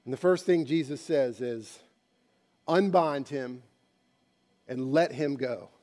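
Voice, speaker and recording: A man preaching a sermon, telling a story dramatically and moving between hushed passages and loud ones. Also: medium pitch, slow pace. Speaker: pastor.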